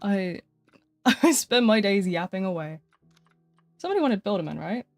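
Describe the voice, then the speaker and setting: A woman's voice: mid-range voice, big pitch swings, moderate pace, no room sound, faint music behind. A young British woman chatting casually and playfully on a live game stream, laughing often between remarks. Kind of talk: casual live-stream chat while gaming.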